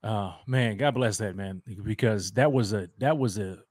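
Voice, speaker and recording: A man's voice: lowish voice, darkish tone, breathy edge, no echo. Heated male co-host, casual sports chat, dry close sound. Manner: emotional, emphatic, quick to get heated.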